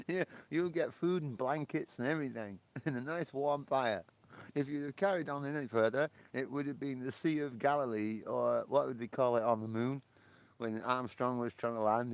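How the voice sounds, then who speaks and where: A man from Britain, hosting a casual livestream chat, laughing often and swearing in excitable outbursts. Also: medium pitch, moderate pace, no echo. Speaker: livestream host. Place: porch, outdoors.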